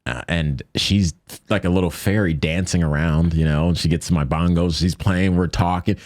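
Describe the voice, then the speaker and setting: A man with a very deep voice tells a personal story as a podcast guest, loose and rambling with frequent restarts. He jumps up into the voices of the people he quotes. The sound is dry and close, with no room around it. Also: normal speed, no echo. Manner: animated, acts out quoted voices. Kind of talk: casual storytelling.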